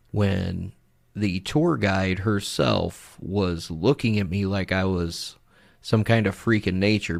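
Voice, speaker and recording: A young man hosting a podcast, casually narrating and explaining audio clips, blunt and quick to swear. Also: sits low, creaky.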